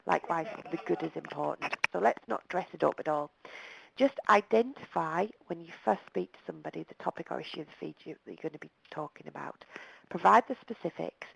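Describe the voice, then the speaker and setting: A woman's voice: fairly low pitch, gravelly, slightly rough, poor audio. A woman presenting a webinar over the telephone, talking in a direct, plain-spoken and emphatic way. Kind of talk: live webinar talk.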